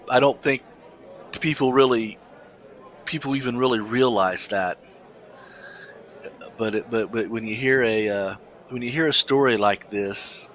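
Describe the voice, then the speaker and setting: A man co-hosting a casual podcast, talking in halting starts and restarts and reading a news story aloud. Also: mid-range voice, a bit bright. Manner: halting, many restarts, laughs easily. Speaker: podcast co-host.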